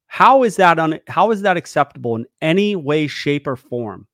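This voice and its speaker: A man's voice: on the high side, normal speed, no room sound, studio quality. Fired-up man talking dog training. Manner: animated, gets worked up, acts out the dog's thoughts. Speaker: dog trainer and podcast host. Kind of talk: casual podcast chat.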